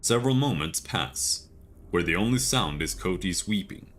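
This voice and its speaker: A man streaming a video game, reading its text aloud in a steady, measured way with casual asides. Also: sits low.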